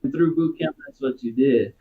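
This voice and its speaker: A man's voice: mid-range voice, normal speed, phone-quality sound. A man from Texas, a former Marine, telling stories in a casual interview in a laid-back, profane way. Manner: profane, laid-back, peppers talk with "dude" and "right?".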